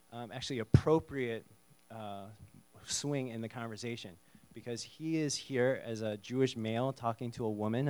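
Conversational man teaching from the Bible. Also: medium pitch. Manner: conversational, animated, acts out the dialogue. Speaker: preacher.

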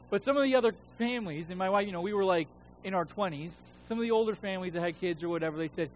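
This sermon comes from a fast-talking pastor in his thirties whose voice sits high, captured on poor audio with slight background noise. Telling a personal story, he keeps things casual and conversational and acts out quotes from himself and from God.

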